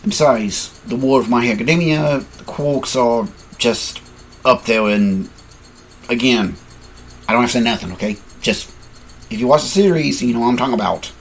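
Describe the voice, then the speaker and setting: A man's voice: medium pitch, normal speed, a little hiss or hum. A man improvising a fan-fiction story, rambling, correcting himself and apologizing as he goes, sleepy and yawning.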